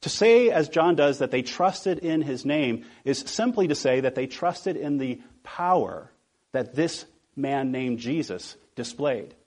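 A male pastor preaching a sermon, asking the congregation rhetorical questions and slowing down to stress key words. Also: medium pitch, expressive, a little mellow.

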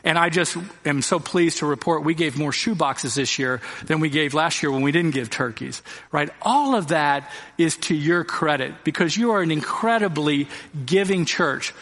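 A man's voice: fairly high pitch, normal speed, few pauses, a bit bright. A man preaching as pastor, earnest and direct, asking his congregation rhetorical questions. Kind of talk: sermon. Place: church sanctuary. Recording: long reverb of a church hall.

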